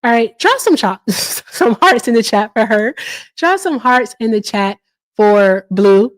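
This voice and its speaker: A combative woman hosting a live stream, her voice sitting a little high. She hammers her points by repeating them and cuts over her caller. Her tone stays casual and blunt. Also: lively intonation, measured pace. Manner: casual, uses "y'all". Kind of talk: heated live-stream debate.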